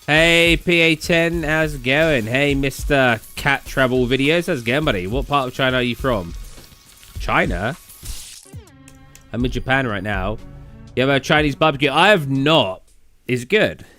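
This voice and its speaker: A man's voice: mid-range voice, moderate pace, sharp tone, faint music behind. A man with a southern English accent, rambling casually as a gaming streamer who answers his chat.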